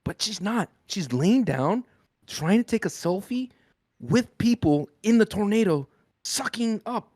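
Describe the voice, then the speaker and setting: A man co-hosting a wrestling podcast, chatting casually and telling stories with a joking, relaxed manner. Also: high voice, measured pace, no room sound, studio quality. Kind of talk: casual chat.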